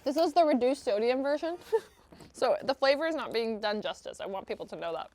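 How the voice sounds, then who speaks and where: A woman telling lively stories in casual podcast chat, acting out the people she quotes. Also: sits high, fast. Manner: animated storytelling, quotes people in voices. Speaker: guest.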